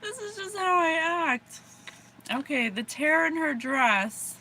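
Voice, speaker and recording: A woman's voice: extremely high pitch, sing-song, slow pace, bright, forceful tone, slight background noise. An American woman giving a casual livestream psychic reading, bubbly and rambling, often giggling. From USA. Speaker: psychic reader.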